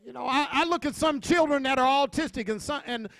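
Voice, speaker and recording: A man preaching a sermon to his congregation, with call-and-response, shouted peaks and quiet asides. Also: very high-pitched, fairly quick, gravelly, dry recording. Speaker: pastor.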